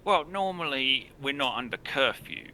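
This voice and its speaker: A man's voice: medium pitch, expressive, normal speed, pushed and bright, a little hiss or hum, pitched above the performer's own voice. A man voicing Jessa, a blunt foul-mouthed teenage girl. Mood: exasperated. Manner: swears bluntly.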